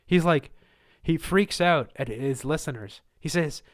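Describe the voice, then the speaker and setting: A man's voice: on the high side, measured pace. Rambling, chuckling male livestream host. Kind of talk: live Q&A monologue.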